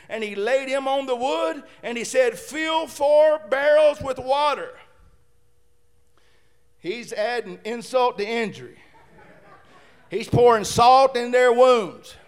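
Guy preaching a sermon, real high voice, gets loud and fired up, jokes around. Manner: fervent, shouting in bursts, then reading scripture calmly; playful asides while retelling the story.

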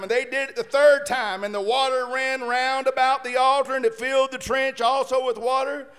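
High-voiced fervent man preaching. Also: normal speed. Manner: fervent, shouting in bursts, then reading scripture calmly; playful asides while retelling the story. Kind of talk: sermon.

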